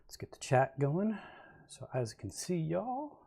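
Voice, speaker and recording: A man's voice: mid-range voice, big pitch swings, moderate pace, warm tone, husky. A man streaming a video game, chatting casually and rambling with his viewers, chuckling now and then. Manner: easygoing, rambling, chuckles to himself. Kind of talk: casual livestream chat while gaming.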